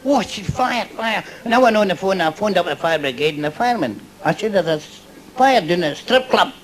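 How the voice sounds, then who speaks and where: Performing live stand-up in a club full of audience laughter and noise, a Scottish man speaks in a high, expressive voice at a quick pace. He rambles from joke to joke, chuckling at what he's just said.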